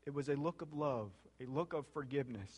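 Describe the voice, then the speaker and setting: A male pastor preaching a sermon, asking the congregation questions and repeating phrases, rising to loud high peaks and dropping to soft low passages. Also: fairly quick, breathy edge.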